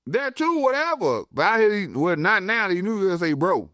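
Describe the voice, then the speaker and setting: A man co-hosting a laid-back podcast, speaking with a slightly raised pitch. He talks bluntly and swears freely, using plenty of slang. The sound is dry and close, with no room echo. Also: big pitch swings, moderate pace, bright, forceful tone. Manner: blunt, profane, slangy banter. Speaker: podcast co-host. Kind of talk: casual chat.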